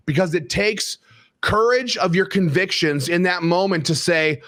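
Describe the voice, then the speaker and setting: A man with a somewhat high voice holds forth as a podcast co-host, emphatic and rambling as he builds his stories. His talk is opinionated political chat. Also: moderate pace, fairly bright tone.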